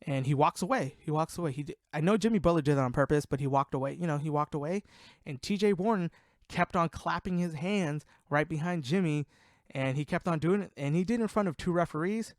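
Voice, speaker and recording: A man's voice: a little high, a little fast, no room sound, studio quality. A man hosting a casual sports podcast, ranting in a heated, profane way, worked up and sweating. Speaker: podcast host.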